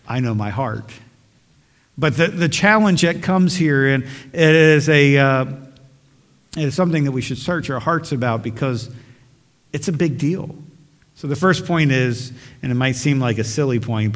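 Male pastor, mid-pitched, earnest emphatic sermon voice, long church reverb. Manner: earnest, emphatic, repeats phrases for stress. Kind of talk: sermon with prayer. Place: church sanctuary.

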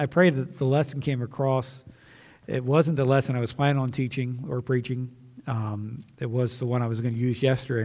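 An earnest pastor preaches and prays, circling back to the same phrases as he goes. His voice sits at an ordinary middle pitch for a man. A long reverb from the church sanctuary trails behind his words. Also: vocal fry, a little mellow. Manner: earnest, repetitive preaching with restarts. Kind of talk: sermon and closing prayer.

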